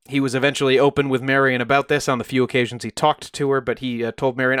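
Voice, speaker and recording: A man's voice: medium pitch, level tone, quick pace, a bit bright, smooth, no room sound, studio quality. Man casually narrating a true crime story. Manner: conversational, acts out quoted voices in bursts. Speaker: podcast co-host telling a true crime story.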